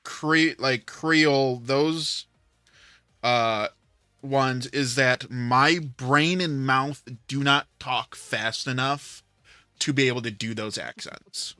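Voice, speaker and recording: A man talking slowly in a relaxed stream chat, pausing and filling gaps with "uh" as he thinks. His voice is bright and close, with a dry sound and no room around it. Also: medium pitch, smooth, no echo. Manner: hesitant, many filler sounds. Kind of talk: casual chat.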